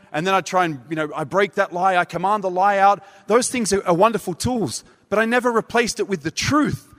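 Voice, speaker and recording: High-voiced male preacher in a hall. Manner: animated, acts out voices in his story. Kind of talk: storytelling sermon. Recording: reverberant hall.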